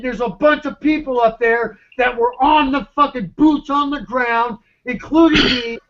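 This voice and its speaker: A man's voice: very high voice, fairly bright tone, lo-fi sound. A man in an online voice chat, ranting with urgent, profane, stammering repetition. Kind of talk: agitated rant.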